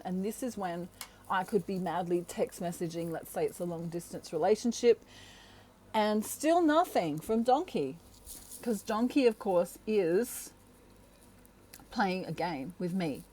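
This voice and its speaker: A woman with a mellow, relaxed voice, talking casually to the camera on her own channel. She is animated, laughs often, and acts out quoted voices as she explains. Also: mid-range voice, unhurried. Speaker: tarot reader and channel host.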